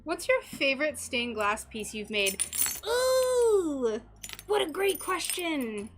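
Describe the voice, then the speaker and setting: Reading out messages from her viewers during a live stream, a woman chats casually and giggles while working on stained glass. Her voice is high and very animated, yet she speaks slowly.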